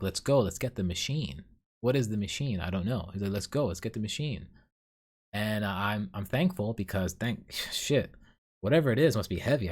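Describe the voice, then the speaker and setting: A man with a lowish voice hosts a solo podcast. He recounts his dreams in a loose, rambling way, full of ums and likes, and often pokes fun at himself. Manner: rambling, self-deprecating, many fillers. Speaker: podcast host. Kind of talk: casual solo storytelling.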